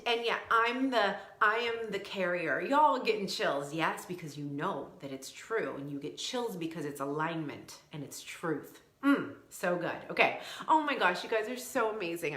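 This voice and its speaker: A woman's voice: fairly low pitch, fairly bright tone. Effusive woman coach, roomy sound. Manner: emphatic, effusive, talks straight to viewers. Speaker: coach for sensitive women. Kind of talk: livestream motivational talk.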